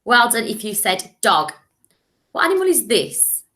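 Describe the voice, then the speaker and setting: An English primary school teacher gives a recorded lesson to children, speaking clearly and encouragingly and modelling words for them to repeat. Her voice is fairly high, very animated and unhurried, with a sharp tone.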